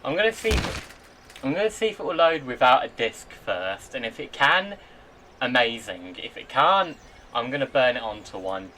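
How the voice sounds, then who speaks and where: A man chatting to himself and his viewers in an excitable way while he works on a computer at home. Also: mid-range voice, normal speed. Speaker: vlogger. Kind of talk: casual running commentary while using a computer. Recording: voice a bit far from the mic, faint background noise.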